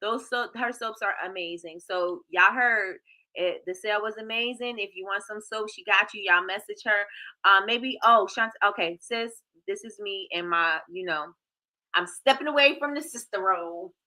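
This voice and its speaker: Chatty bright-voiced woman livestream host. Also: mid-range voice, normal speed. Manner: chatty, reads viewer comments aloud, lively. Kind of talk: casual livestream chat.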